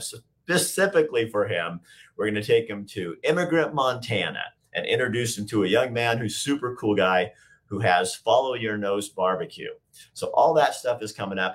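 A man hosting a live talk show, chatting casually and rambling, with a slightly hoarse voice and plenty of fillers and restarts. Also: fairly low pitch, fairly bright tone. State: a bit hoarse.

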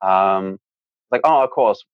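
Rambling young British man, low voice. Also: slow pace, clean tone, dry recording. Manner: rambling, with many fillers. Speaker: guest. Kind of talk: casual interview chat. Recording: dull, dry lo-fi sound.

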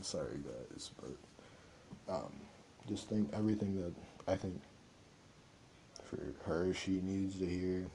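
A young man hosts his own podcast, speaking alone in an earnest, meandering way full of filler words. His voice sits very low with a gravelly fry and a dark, mellow tone. Faint background noise hums under the recording. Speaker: podcast host. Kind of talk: reflective solo podcast monologue.

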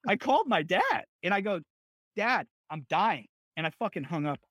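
A man's voice: high voice, fast, no echo. A young man, a podcast guest, vividly retelling a dramatic personal story in casual, profanity-laced speech. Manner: vivid, swears freely, animated retelling.

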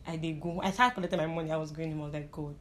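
A woman's voice: low-pitched, steady tone, racing, a little hiss or hum. A young Nigerian woman telling stories in a casual chat. She mixes in pidgin and laughs often. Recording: crowd chatter in the background.

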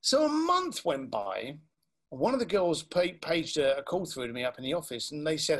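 A man telling a story in an animated way and acting out the people he quotes. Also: fairly high pitch, normal speed. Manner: animated, acts out quoted voices. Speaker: speaker. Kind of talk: storytelling talk.

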